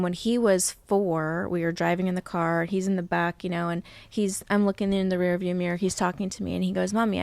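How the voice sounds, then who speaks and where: A woman guest, a healer, talking openly and earnestly in a relaxed interview chat. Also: creaky, no room sound. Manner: open and earnest, speaks of deep peace.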